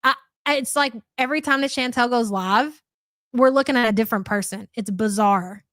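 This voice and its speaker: A woman's voice: a little high, moderate pace, a bit bright, no room sound, studio quality. A woman hosting a live commentary stream, chatty and sarcastic as she reacts to clips and thanks viewers. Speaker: livestream commentary host.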